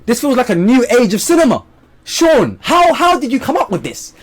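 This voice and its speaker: A young man reviewing a movie to camera in a casual vlog, excited and animated, swinging between loud bursts and low mutters, swearing freely. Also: moderate pace.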